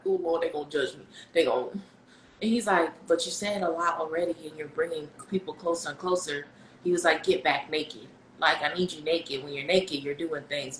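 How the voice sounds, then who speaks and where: A woman's voice: medium pitch, reverberant, slight background noise, low-quality recording. A woman chatting casually about faith on a podcast, acting out her prayers as she tells her stories. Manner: animated storytelling, acts out her prayers.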